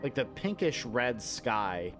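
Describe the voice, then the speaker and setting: A young American gamer chats casually during his stream, rambling, swearing, and breaking into mock-outraged rants. His medium-pitched voice is very animated, slow, and fairly bright, with faint music behind it.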